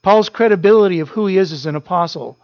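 A man's voice: high-pitched, fast talker, dry recording, dull audio. A man preaching a sermon as a pastor, earnest, repeating key phrases for emphasis.

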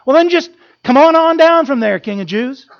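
A preacher voicing a sarcastic mocker who taunts a man on a cross, raising the voice high and loud. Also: expressive, normal speed, muffled recording. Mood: mocking. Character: jeering crowd of mockers at a crucifixion.

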